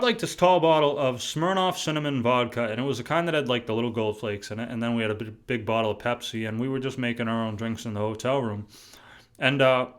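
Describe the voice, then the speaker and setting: A man's voice: mid-range voice, fairly bright tone. Chatty young man vlogging, swears casually. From New England. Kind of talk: casual talk to camera.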